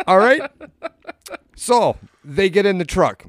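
A man's voice: high voice, animated, very slow, long pauses, no room sound. A man co-hosting a podcast, telling a long story in casual, rambling talk full of swearing, fillers and restarts. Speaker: podcast co-host.

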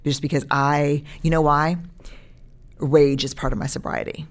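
Woman, 40s, low pitch, animated, chatty, acts out lines to a child. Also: normal speed. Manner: animated, acts out what she would say to a child. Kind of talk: casual parenting chat.

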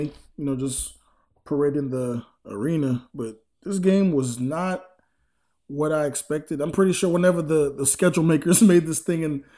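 A man's voice: a little high, mellow. A man co-hosting a casual sports podcast as the team reporter, laid-back and dry.

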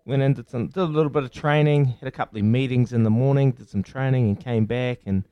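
A man's voice: medium pitch, fast talker, clear, resonant tone, no room sound, lo-fi sound. A man in his thirties with a New Zealand accent co-hosting a radio sports show, chatting in a friendly, matey way. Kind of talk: casual radio sports chat.

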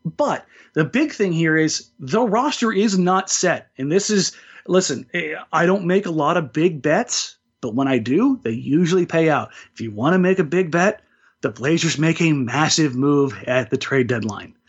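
A man with a fairly high, husky voice riffs on sports in loose podcast chat, often restarting his sentences. The sound is dull and lo-fi. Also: expressive, moderate pace. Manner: talkative, jokey, frequent restarts. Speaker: podcast co-host.

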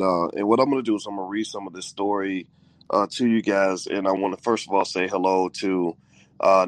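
A man's voice: low voice, no room sound. A man hosting a casual live-stream chat with his wife, in a groggy morning voice and rambling with many fillers. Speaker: host.

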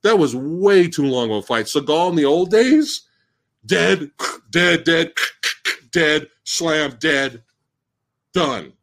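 A man hosting a live-stream movie discussion who rants in an excitable, incredulous, profane way. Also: a little high, slow pace, pauses often. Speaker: host.

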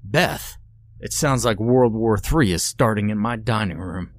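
A greasy diner cook hollers in a pinched, nasal voice that sits higher than the storyteller's own, as a man puts him on. He comes across as loud and irritated throughout, a rough working man in a horror story reading. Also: expressive, a little slow.

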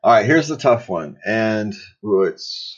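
An older man hosting a podcast, chatting casually and rambling a bit, with a husky voice. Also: lowish voice, animated, a little slow, highs cut off. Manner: rambling, chuckles often. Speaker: podcast host.

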